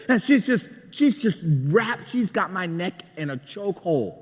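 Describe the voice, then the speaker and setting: A man's voice: extremely high pitch, normal speed, in a large hall. A man preaching a sermon as a pastor, telling a story in a chatty, conversational way and asking the congregation questions. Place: church sanctuary.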